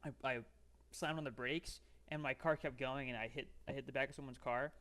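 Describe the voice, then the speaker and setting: A young man co-hosting a podcast, talking in a casual chat, halting and repeating words as he asks questions. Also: medium pitch, fairly even intonation, a bit bright. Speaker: podcast co-host.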